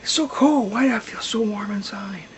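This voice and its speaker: A man's voice: high-pitched, moderate pace, close to an everyday voice, rough recording. A man voicing a humble, frightened old man who stammers, pleads and sinks into whispers. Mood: marveling.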